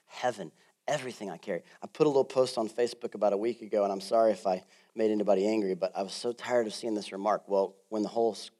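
A male pastor preaching a sermon in a casual, jokey way, swinging from loud bursts to quiet asides. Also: on the low side, very fast. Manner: animated, swings between loud and soft.

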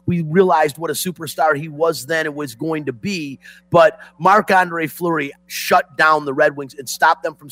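A middle-aged man from Detroit hosting sports talk, telling a story in an excitable, emotional way. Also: fairly high pitch, dry recording. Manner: excitable, emotional, swings loud and soft. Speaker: sports radio host.

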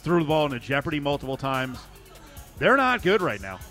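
Man, sports radio host, brisk and opinionated, slightly high voice, faint music. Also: sing-song, pushed and bright. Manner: brisk, opinionated, leads the segments. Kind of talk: casual sports radio chat.

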